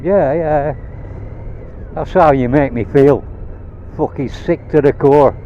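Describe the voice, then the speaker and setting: Vlogger riding a motorbike, man from Rhodesia, blunt and profane, a mellow tone pitched a touch high, dull helmet-mic sound. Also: slow pace, slight background noise. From Rhodesia (now Zimbabwe). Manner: heated, swearing, blunt. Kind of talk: angry rant while riding. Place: on a motorbike outdoors.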